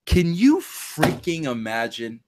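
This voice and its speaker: A man's voice: on the high side, very animated, takes it slowly, background noise. A man hosting a casual gossip chat, asking emphatic, incredulous questions. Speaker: podcast host.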